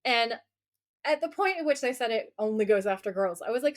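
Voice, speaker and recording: A chatty woman co-hosting a podcast in a casual, talkative style. Her voice sits a little high, and she tells stories with an animated energy, full of asides. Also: a little fast. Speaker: podcast co-host. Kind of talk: casual chat recapping a TV episode.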